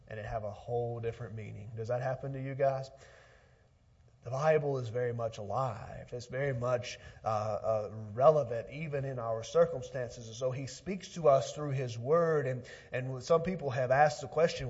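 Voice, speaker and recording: A male pastor preaching a sermon, swinging from loud urgent emphasis to quiet, hushed lines, with repeated words and restarts. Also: medium pitch, normal speed, slightly rough, highs cut off. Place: church sanctuary.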